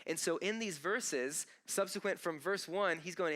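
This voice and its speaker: A man's voice: sits high, unhurried, pushed and bright. A man preaching a sermon as pastor, talking conversationally and emphatically, often restarting his phrases. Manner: conversational, emphatic, with frequent repeated starts. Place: church auditorium.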